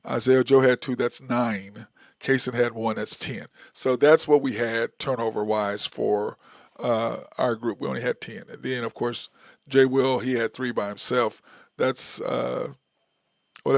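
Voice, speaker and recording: Gravelly, rambling sports talk host man. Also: medium pitch, steady tone, unhurried, dry recording, studio quality. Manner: rambling, self-correcting, counts stats aloud. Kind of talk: casual sports opinion monologue.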